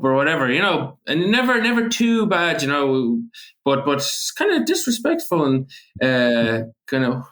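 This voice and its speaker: A man's voice: on the high side, sing-song, normal speed, a bit bright. A man from the Aran Islands with an Irish accent, a native Irish speaker, talking casually as an interview guest in a rambling, anecdotal way with many fillers and restarts. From Aran Islands, Ireland.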